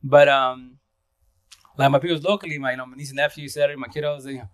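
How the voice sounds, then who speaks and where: A man's voice: a little high, fast talker, no echo. A man from Eastern Washington chatting casually on a livestream, rambling in slang, laughing often and greeting viewers by name. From Eastern Washington, USA. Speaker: livestream host.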